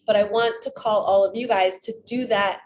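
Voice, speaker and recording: A woman's voice: mid-range voice, steady tone, moderate pace, a little hiss or hum. A woman speaking as a spiritual coach in a casual vlog, chatting and telling stories in which she quotes her own inner voice. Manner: chatty, retells stories with quoted self-talk.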